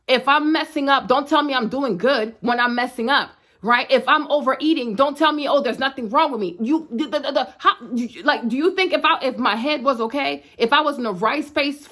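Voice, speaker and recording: A woman's voice: sits high, fairly bright tone. A woman in her thirties talking straight to her viewers in a blunt, emphatic way, often asking "you know what I'm saying". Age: 30s. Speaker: vlogger. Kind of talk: direct-to-camera talk.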